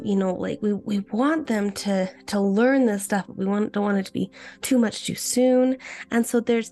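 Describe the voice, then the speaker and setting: Chatty woman podcast host with vocal fry. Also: medium pitch, darkish tone. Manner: chatty, talks straight to listeners; frequent restarts and fillers. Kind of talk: casual teaching chat.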